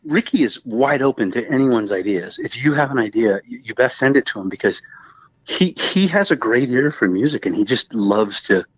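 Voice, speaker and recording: A man's voice: mid-range voice, animated, normal speed, slightly rough, no room sound, highs cut off. A man from Southern California with a Southern Californian accent, a guest musician chatting casually in an interview, rambling and laughing often. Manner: rambling, laughs often, acts out quoted voices.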